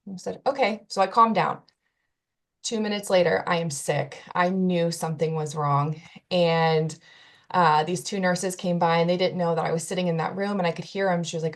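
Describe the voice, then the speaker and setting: An earnest woman with a slightly low voice tells a personal story in an interview. She recounts events with feeling and quotes what others said along the way. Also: fairly even intonation, moderate pace. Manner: earnest, emotional retelling with quoted dialogue. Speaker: guest telling her story.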